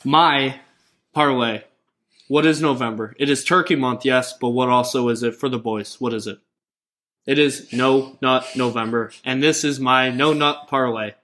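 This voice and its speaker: A man's voice: medium pitch, steady tone, moderate pace, fairly bright tone. A man co-hosting a casual sports betting podcast, laying out his picks bluntly with crude jokes. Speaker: podcast co-host.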